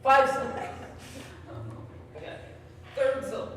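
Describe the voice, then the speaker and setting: A man's voice: very high-pitched, unhurried, bright, forceful tone. A man on stage in live improv comedy, rambling through guesses aloud. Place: large echoey hall, far from mic. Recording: echoey hall from far off, noisy.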